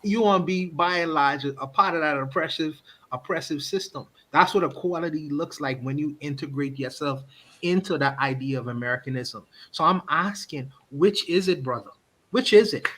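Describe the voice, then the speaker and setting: A man's voice: fairly high pitch, normal speed, a bit bright. A man hosting a casual podcast discussion, earnest and pressing his question, often breaking into laughs. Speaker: podcast host.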